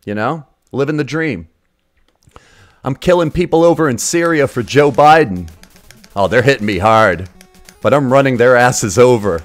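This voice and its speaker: A man's voice: mid-range voice, normal speed, long pauses, no room sound, faint music behind. A man streaming retro games, giving casual live commentary in a crude, sarcastic, joking way. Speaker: game streamer.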